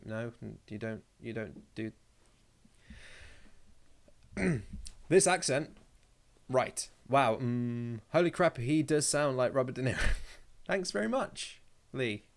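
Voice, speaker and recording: A man hosting a casual live stream, reading out viewer comments and joking around in a rambling way, swearing freely. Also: lowish voice.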